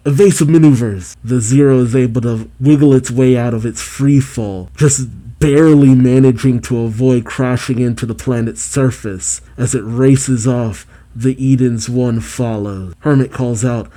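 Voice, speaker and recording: A man with a very dark, mellow voice and mid-range pitch reads a manga chapter aloud. He gives the characters' lines in a plain reading voice and cuts in with his own asides. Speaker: manga reaction host.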